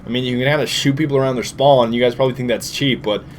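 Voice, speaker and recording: A tired young man giving casual, jokey gameplay commentary with sudden loud outbursts. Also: mid-range voice, fairly even intonation, fast talker, slight background noise. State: tired, short on sleep. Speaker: gaming commentator.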